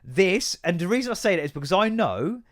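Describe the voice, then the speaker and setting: A man's voice: high voice, very animated, fairly quick. A man hosting a podcast, ranting in a casual, sweary way and acting out both sides of remembered conversations. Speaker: podcast host.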